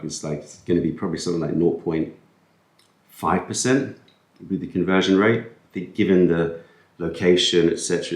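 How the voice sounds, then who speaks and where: Rambling man with a very low voice. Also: a little mellow, roomy sound. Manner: rambling, self-deprecating, talks with food in mouth. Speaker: food vlogger. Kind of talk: casual chat while eating. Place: indoors at a table, eating. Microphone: camera-mounted mic.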